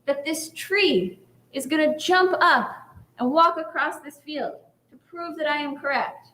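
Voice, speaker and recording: Casting note: woman doing a defiant lone rabbi of old, high and insistent, slow emphatic claims, echoey sanctuary. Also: pushed and bright, exaggerated voice. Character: stubborn lone male ancient rabbi, defiant.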